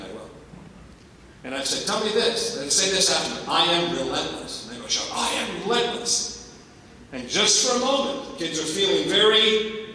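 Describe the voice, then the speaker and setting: An older man delivers a motivational keynote with emphatic, energetic phrasing and frequent rhetorical questions. His voice is bright and a touch high. It is captured from a distance in a large, echoing hall. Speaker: motivational speaker. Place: large hall at a staff convocation. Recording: echoey hall, distant mic, faint noise.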